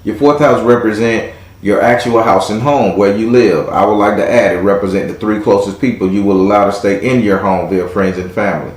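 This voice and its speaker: A man with a fairly low voice hosts a live tarot reading. He talks to his caller casually, with slang and a teasing edge. The sound carries a roomy echo. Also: steady tone, fairly quick. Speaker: tarot reader and host.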